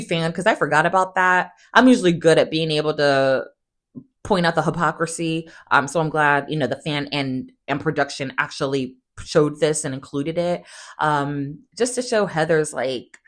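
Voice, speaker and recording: A woman hosts a casual recap in a fairly low voice, chatty and sarcastic and animated at a normal pace. When quoting other people, she acts them out in much higher voices.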